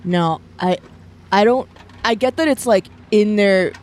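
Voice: mid-range voice, unhurried, a little mellow, close to an everyday voice. An improv performer playing a caged circus animal who chats in a gossipy, dramatic way.

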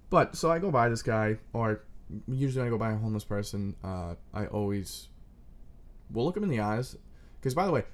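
A lowish-voiced man in his twenties riffs through a crude, scattered comedic monologue, mocking himself and breaking into sudden loud outbursts.

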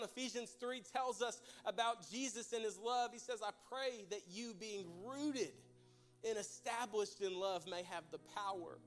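A man's voice: very high voice, a bit bright. A young man preaching a folksy, joking sermon to his church. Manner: folksy, joking, addresses crowd as y'all. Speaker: pastor.

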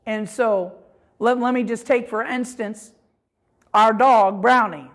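A woman's voice: fairly high pitch, steady tone, slow pace. A woman teaching a Bible lesson on prayer in a conversational way, with frequent asides and fillers.

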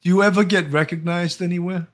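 A man with a fairly high voice, friendly and easily excited. He laughs as he tells stories and pushes his voice up when he gets worked up. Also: fast talker. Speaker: co-host. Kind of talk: casual podcast chat.

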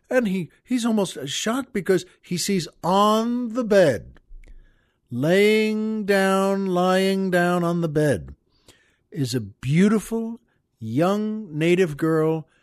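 A man hosting a show, telling a long joke in an unhurried, folksy way and laughing at his own punchlines. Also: sits high, dry recording, clean studio sound. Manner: slow, folksy storyteller who chuckles at his own jokes. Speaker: podcast host. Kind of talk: joke telling and poetry reading.

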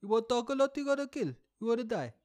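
Man doing a loud, threatening mock-Russian oligarch, pitched way up, broken English. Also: rapid-fire. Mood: menacing. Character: menacing male Russian oligarch, blunt.

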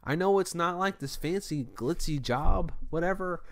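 A man's voice: sits high, moderate pace, no echo, clean studio sound. A man who runs a store department, telling a rambling, frustrated story to his viewers in a casual rant. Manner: frustrated, venting.

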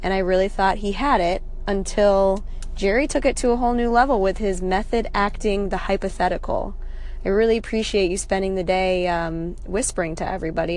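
A woman's voice: mid-range voice, darkish tone. A woman host in casual chat, upbeat as she announces a winner.

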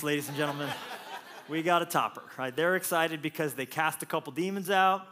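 A man preaching a lively, jokey sermon as pastor, acting out quotes with playful voices. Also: fairly high pitch, brisk, slight background noise.

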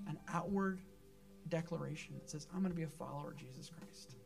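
Creaky and darkish in tone, with a fairly high pitch, a man delivers an earnest sermon as pastor in a church sanctuary. He emphasizes points by repeating words often.

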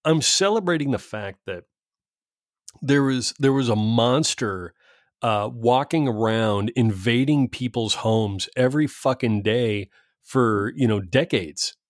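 A man in casual, profane political chat, animated and swearing freely. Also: medium pitch, dry recording, clean studio sound. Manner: animated, swearing, quick mock impressions.

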